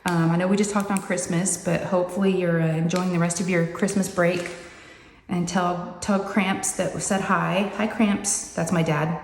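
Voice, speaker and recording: Her pitch is fairly low and her delivery flat, moving at a normal speed. This woman hosts a crafting channel, chatting loosely and meandering as she talks to viewers, dropping "y'all" along the way. She's upstairs in her craft room with the door closed, where the echoey room gives long reverb and a faint hiss of noise.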